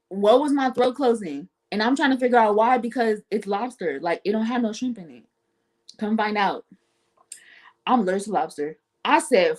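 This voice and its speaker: A woman guest on a talk show, telling a personal story casually and acting out the voices of the people in it. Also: medium pitch. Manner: animated, acts out quoted voices.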